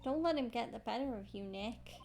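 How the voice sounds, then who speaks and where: A woman's voice: on the high side, expressive, fairly quick, creaky, darkish tone, soft background music. A woman voicing a perky young female sidekick with a teasing, bossy manner.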